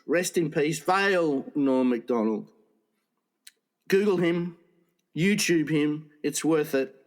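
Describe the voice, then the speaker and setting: A man's voice: fairly high pitch, slow. A man co-hosting a casual comedy podcast. He rambles through jokes and laughs at his own punchlines. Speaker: podcast co-host.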